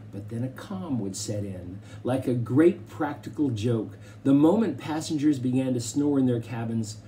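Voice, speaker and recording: A man reading a children's novel aloud in measured, expressive narration. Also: medium pitch, slight background noise. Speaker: audiobook reader. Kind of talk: scripted narration.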